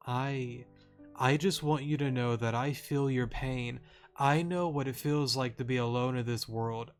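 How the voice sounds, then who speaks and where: Give me a man reading a gentle, earnest mother from a video game, slow and plain, with faint music behind. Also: medium pitch, close to an everyday voice. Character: kind grieving mother, adult woman, gentle and earnest.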